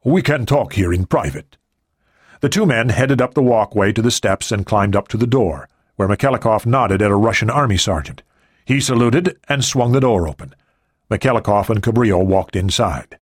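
Low, husky male audiobook narrator. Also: normal speed, no room sound, studio quality. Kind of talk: scripted narration.

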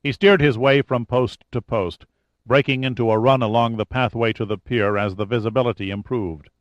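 A man narrating a thriller audiobook in a measured, even manner. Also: mid-range voice, dry recording. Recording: dull, dry studio recording.

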